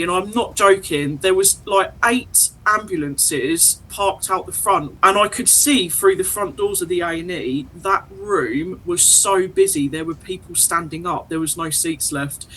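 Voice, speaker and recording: A woman, a podcast guest, recounting a frightening experience in animated detail, acting out the dialogue as she goes. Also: lowish voice, unhurried, rough recording. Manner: animated, emotional retelling with quoted dialogue. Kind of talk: personal storytelling in an interview.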